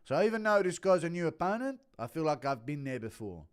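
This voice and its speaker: A man's voice: on the high side, very animated, brisk, clean tone, pitched above the performer's own voice. A man impersonating a rambling male fighter who keeps talking over interruptions. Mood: earnest rambling.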